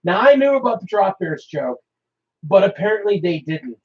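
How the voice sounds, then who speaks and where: A man's voice: high-pitched, very animated, moderate pace. A man hosting a live stream, chatting casually in a rambling, joking way with frequent laughter. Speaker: host. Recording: dull lo-fi stream audio.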